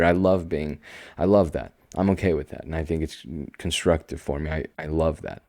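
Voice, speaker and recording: Very deep, calm young man podcasting. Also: no echo, clean studio sound. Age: young adult. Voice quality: slow, calm and soothing delivery. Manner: relaxed, rambling and self-assured, with swings between quiet asides and emphatic bursts. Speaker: podcast host. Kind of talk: casual solo podcast monologue.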